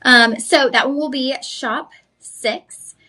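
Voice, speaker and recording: A young woman, hosting a live shopping channel and pitching jewelry with chatty enthusiasm straight to viewers. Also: slow pace, sharp tone.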